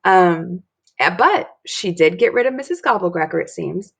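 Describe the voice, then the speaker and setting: Brief: woman narrating a kids' chapter book, casual, slightly raspy, with friendly asides. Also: on the low side, lively intonation, a little slow. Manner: chatty asides with soft laughs. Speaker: storybook reader. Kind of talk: reading a children's book aloud.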